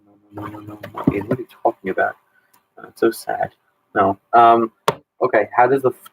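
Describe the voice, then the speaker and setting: A man's voice: lowish voice, vocal fry, slight background noise, rough recording. A man in his thirties, a history teacher running a casual exam review Q&A and talking in a chatty way with many ums and restarts.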